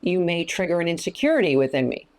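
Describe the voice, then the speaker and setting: A woman's voice: lowish voice, sing-song, quick pace. A woman counselor and minister teaching in an interview, speaking emphatically and giving practical advice. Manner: emphatic, often acting out quoted lines.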